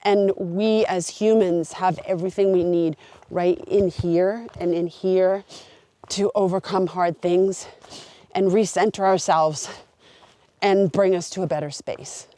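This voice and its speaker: A woman's voice: on the low side, fairly even intonation, a little slow, warm tone, dry recording. A woman hiking a long trail, talking to her camera outdoors in an earnest, open and heartfelt way. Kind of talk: reflective talk to camera.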